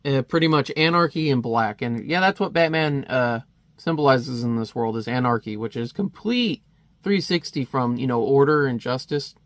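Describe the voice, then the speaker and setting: A man's voice: medium pitch, moderate pace, no echo. A man casually reviewing a comic, chatty and wry, with many fillers.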